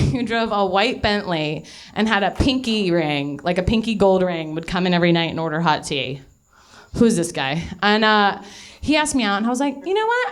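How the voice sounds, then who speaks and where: Performing stand-up live at a comedy venue, this young woman has a mid-range, slightly bright voice. She rambles through a self-deprecating tale full of cursing and laughs, slightly winded.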